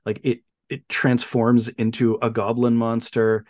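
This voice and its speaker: A man co-hosting a podcast, chatting casually about films and retelling plots with animated storytelling and quick silly voices for the characters. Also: medium pitch, no room sound. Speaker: podcast co-host. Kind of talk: casual film chat.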